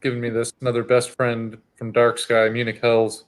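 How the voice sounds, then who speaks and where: A man's voice: mid-range voice, monotone, moderate pace. A man chatting as a guest on a casual drinks show, playfully teasing the host. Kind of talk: casual chat.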